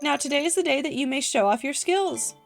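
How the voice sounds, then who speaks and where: A woman's voice: high-pitched, brisk, creaky, pitched above the performer's own voice. A woman voicing a doting, theatrical female AI machine that speaks in fawning, flowery praise.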